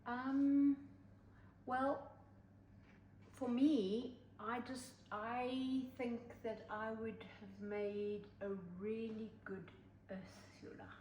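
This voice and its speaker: Older woman co-host, measured and advice-giving, mic set back in an echoey room with faint hiss. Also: fairly high pitch, fairly even intonation, darkish tone. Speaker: podcast co-host. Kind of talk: casual chat. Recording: roomy, distant mic, faint noise.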